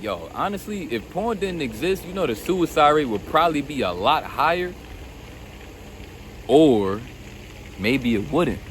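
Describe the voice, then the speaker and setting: A man's voice: fairly high pitch, slight background noise. A man giving an unscripted motivational rant straight to camera, blunt and profane, calling the listener bro and repeating himself. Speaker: self-help video host.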